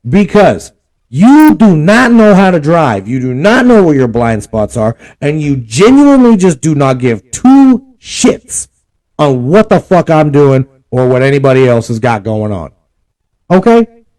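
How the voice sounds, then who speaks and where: A man's voice: a little high, sing-song, a little slow, a little mellow. A young man, ranting and cussing in a casual vlog. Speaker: vlog host. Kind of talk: casual profane rant.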